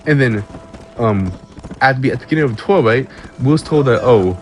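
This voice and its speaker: A man's voice: mid-range voice, fairly quick, soft background music. A man ranting casually to camera, stammering and swearing, often breaking into laughs. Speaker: vlogger. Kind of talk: casual rant.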